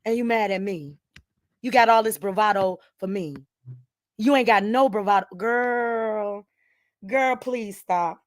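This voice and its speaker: A woman hosting her channel, ranting angrily at someone. She repeats herself, swears, and swings from low muttering to shouting. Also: normal speed, dry recording, studio quality. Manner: swears freely, addresses viewers directly. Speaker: channel host. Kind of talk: heated direct-to-camera rant.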